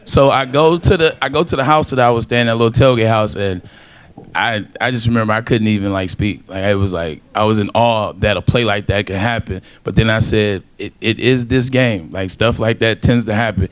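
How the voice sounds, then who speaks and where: A man who is a former college football player on a panel, telling an excited story and acting out what people said. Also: on the low side, a little fast, smooth. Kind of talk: casual storytelling.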